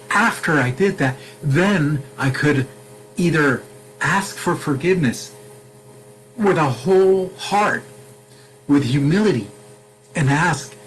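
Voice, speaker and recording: A man's voice: a little high, a little hiss or hum, low-quality recording. Earnest man coaching sobriety. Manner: repetitive, emphatic, speaks straight to the viewer. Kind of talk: earnest direct-to-camera pitch.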